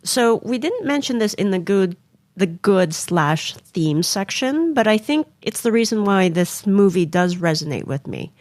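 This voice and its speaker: A woman co-hosting a podcast in a casual chat, sincere and quick to giggle. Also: medium pitch, a little mellow, no room sound. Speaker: podcast co-host.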